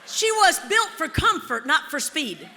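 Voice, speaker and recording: A woman's voice: high-pitched, very animated, measured pace, background noise. A woman giving a keynote as a live storyteller, theatrical and playful, teasing her audience. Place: large auditorium. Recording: long auditorium reverb.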